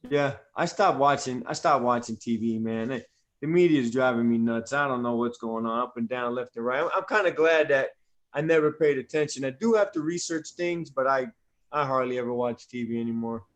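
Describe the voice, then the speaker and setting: A man's voice: mid-range voice, a little fast. A man from New Jersey with a New Jersey accent, an actor guest chatting casually and peppering his talk with "man" and "you know.". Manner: easygoing, fills speech with "man" and "you know". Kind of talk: casual chat.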